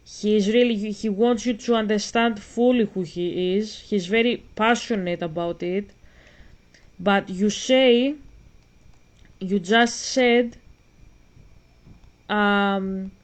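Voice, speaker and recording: Slow insistent woman vlogger. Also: medium pitch, fairly even intonation. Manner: slow, insistent, repeats herself while explaining. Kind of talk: spoken commentary on a video.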